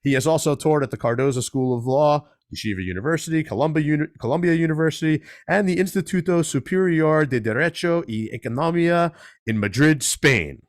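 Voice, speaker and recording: A man's voice: a little high, fairly quick, no echo, clean studio sound. A man hosting a talk radio show. He reads a long guest introduction and drops joking asides along the way. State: out of breath.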